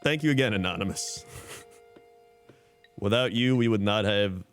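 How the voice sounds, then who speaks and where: A man's voice: lowish voice, normal speed, faint music behind. A man streaming live in casual chat, reading out usernames and laughing often.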